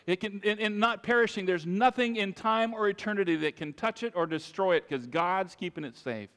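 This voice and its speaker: A man's voice: high-pitched, brisk, fairly bright tone, smooth. Man preaching in a reverberant church. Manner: emphatic preaching with repeated phrases, addresses the congregation directly. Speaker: pastor. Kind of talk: sermon. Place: church sanctuary. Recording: long reverb of a large church.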